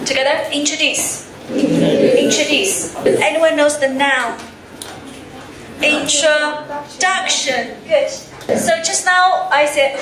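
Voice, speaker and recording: A woman teaching English to a class, speaking slowly and clearly and having the students repeat words after her. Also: high voice. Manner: slow, clearly enunciated prompting, drilling words for a class to repeat. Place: school classroom. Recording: echoey classroom from a distance, background noise.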